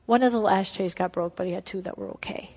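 A middle-aged woman preaching a testimony sermon. She tells her story emphatically, sometimes dropping to hushed tones. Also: medium pitch, quick pace. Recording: long hall reverb.

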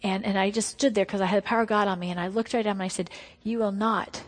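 Middle-aged woman preacher, emphatic testimony sermon, mid-pitched voice, long hall echo. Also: steady tone, very fast. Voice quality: emphatic storytelling, drops to hushed tones.

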